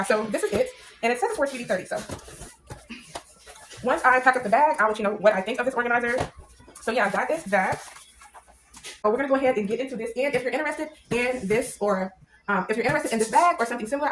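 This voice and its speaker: Woman, vlogger; quick, excited unboxing chatter, slightly high voice. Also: a little hiss or hum, rough recording. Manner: chatty, excited, many fillers, says "y'all". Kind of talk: casual unboxing vlog.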